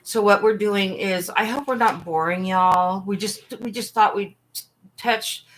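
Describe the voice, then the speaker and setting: A woman hosting a casual livestream chat, talking earnestly and haltingly with frequent restarts. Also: mid-range voice. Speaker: livestream host.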